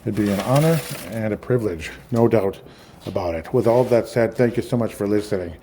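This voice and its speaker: Low-voiced man rambling on his podcast. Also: a little fast, mellow, a little hiss or hum. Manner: rambling, loose, with frequent fillers and apologies. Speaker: podcast host. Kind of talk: casual political podcast monologue.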